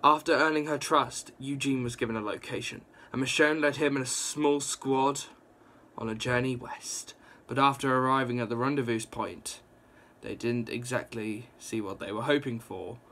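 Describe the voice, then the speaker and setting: A young man casually reviewing a comic book, rambling and excitable, with lots of fillers and restarts. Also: mid-range voice, moderate pace. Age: young adult.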